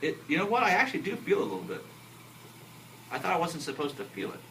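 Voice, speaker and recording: A middle-aged man teaching a classroom science demonstration, animated and joking, often restarting his sentences. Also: fairly high pitch, fast talker. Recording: roomy classroom audio from a distant camera, with noise.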